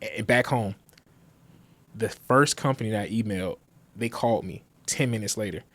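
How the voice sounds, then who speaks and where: This guest's voice sits on the low side at a normal speed. The man, in his thirties and working as a graphic designer and business founder, tells stories in casual conversation, lively and acting out the dialogue.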